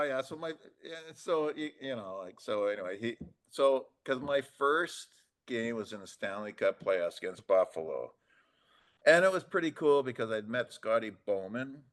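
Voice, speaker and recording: Older man, podcast guest, casual storytelling, rambling, acts out quotes, lowish voice. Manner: rambling anecdotes, acts out quoted dialogue, chuckles often. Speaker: podcast guest, former hockey player.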